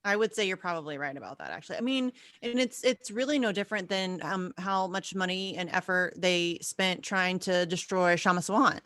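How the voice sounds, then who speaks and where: A woman's voice: fairly low pitch, expressive, fairly quick, few pauses, fairly bright tone, no echo. A woman co-hosting a podcast in casual chat, ranting in a fiery, profane way. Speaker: podcast co-host.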